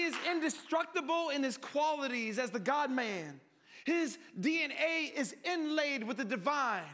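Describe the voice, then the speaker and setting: A man preaching a sermon in an animated, joking way, calling his listeners family and swinging between hushed and loud delivery. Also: very high voice, unhurried, a crowd in the background, noisy background.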